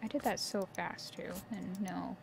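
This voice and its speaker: A woman's voice: medium pitch, fairly even intonation, measured pace, gravelly, background noise. A woman in casual live-stream commentary, playing a horror game, chatty and playful, talking back to the characters and slipping into silly voices. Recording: game ambience under the voice. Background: game sound ambience.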